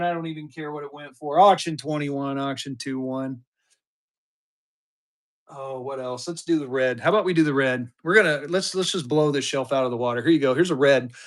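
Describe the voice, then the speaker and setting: Chatty live-stream auction seller, man in his fifties, high-pitched, hypes every bid. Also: fairly bright tone. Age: 50s. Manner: chatty, upbeat, hypes the bids.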